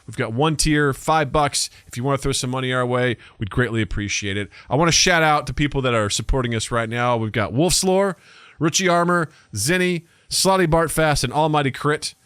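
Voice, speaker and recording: A man co-hosting a casual podcast, talking loosely and jumping up in pitch when he quotes others or gets worked up. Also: clean tone, no echo. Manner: animated, quotes others in raised voices. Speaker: podcast co-host.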